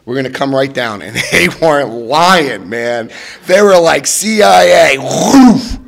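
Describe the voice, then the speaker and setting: A man in his fifties telling a personal recovery story to an audience, acting out quotes with sudden jumps in pitch and loudness. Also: lively intonation, measured pace, vocal fry. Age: 50s. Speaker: recovery speaker.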